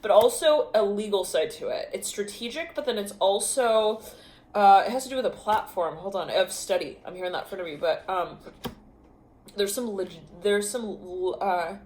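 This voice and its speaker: A woman reads tarot aloud, in fragments, stopping short and laughing often. Her voice sits in an ordinary middle pitch. The room gives back a clear echo with a faint hum of ambience. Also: moderate pace, darkish tone. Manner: rambling, laughs often, talks in fragments while channeling. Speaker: tarot reader. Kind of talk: intuitive tarot reading to camera.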